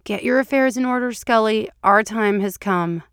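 A woman's voice: a little high, normal speed, a bit bright, clear, resonant tone, no echo, studio quality, lightly acted. A woman voicing a wry middle-aged male agent who talks about the end of the world over a baseball game in mock-grave, theatrical tones, in an audio reading of fan fiction.

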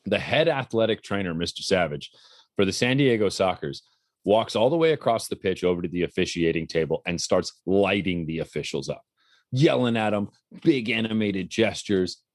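A man in his thirties with a low, deep voice tells a story with animation on a casual talk show. The sound is dry and close, with no room around it. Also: normal speed, dry recording. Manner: animated storyteller, acts out quotes. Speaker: podcast co-host and color commentator.

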